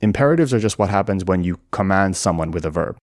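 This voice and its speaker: A man narrating an educational video and explaining things clearly and methodically. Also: low-pitched, animated, quick pace, no room sound, studio quality. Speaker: language explainer.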